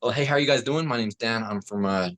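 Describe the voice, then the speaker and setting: A man's voice: mid-range voice, brisk, a bit bright, close to an everyday voice. An English man putting on a breezy General American guy. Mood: chirpy. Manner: breezy, chatty, friendly.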